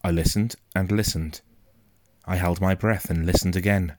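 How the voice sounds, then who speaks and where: A man narrating a first-person story in a quiet, measured, suspenseful way. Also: low-pitched, fairly even intonation, no echo. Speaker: audiobook narrator.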